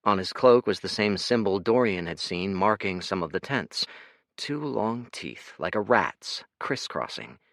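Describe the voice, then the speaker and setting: A man narrating an audiobook in an expressive, dramatic reading. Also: low voice, a little slow, dry recording, clean studio sound.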